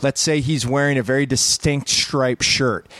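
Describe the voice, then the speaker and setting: A man's voice: medium pitch, steady tone, normal speed, fairly bright tone. Emphatic man explaining a point. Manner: emphatic, explains things with frequent "right?". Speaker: movie guest. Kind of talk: casual chat.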